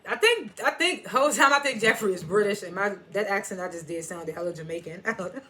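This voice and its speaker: A woman's voice: medium pitch, quick pace. A woman recaps a TV episode in a loose, conversational way. She talks in slang, reacts as she goes and slips into the characters' lines to act them out. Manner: animated, slangy storytelling that acts out quotes. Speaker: TV episode reviewer.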